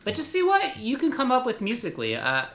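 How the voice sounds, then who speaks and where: A man's voice: very high voice, wildly swooping pitch, a little fast, a bit bright. A man teaching guitar in a casual, rambling, upbeat way, laughing at himself as he goes. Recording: roomy echo with guitar playing.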